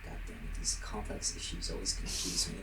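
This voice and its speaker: A man's voice: brisk, heavy background noise. A man hosting a casual podcast, rambling and self-deprecating and often laughing, recorded on a laptop microphone. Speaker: podcast host. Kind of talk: casual chat. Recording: roomy laptop mic from a distance.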